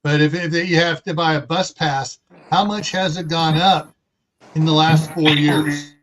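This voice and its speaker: A man's voice: fairly high pitch, fairly even intonation, measured pace, background noise. A man from California hosting a casual livestream chat, rambling with sarcastic asides. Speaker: host.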